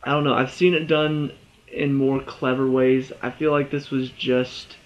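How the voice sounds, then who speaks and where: A man talks through a TV episode review in a loose, chatty way, with lots of fillers and side remarks. His voice sits at a middling pitch. The recording sounds a little dull and lo-fi. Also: level tone, unhurried. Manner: rambling, chatty, many fillers. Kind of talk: casual spoken review.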